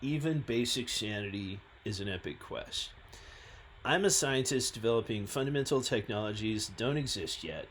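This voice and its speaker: A man, a scientist and founder, talking through his own website in a halting, self-deprecating way. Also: lowish voice, animated, a bit bright, a little hiss or hum. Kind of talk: reading and commenting on his website.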